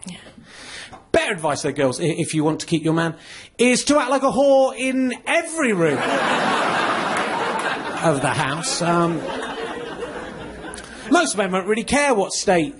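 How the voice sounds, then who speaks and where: A stand-up comedian with a very high voice that swoops up and down as he rants in mock outrage. He is recorded live on stage, with the audience laughing loudly and plenty of noise in the room. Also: big pitch swings, unhurried, long pauses, over a noisy crowd. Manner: indignant, ranting mock outrage.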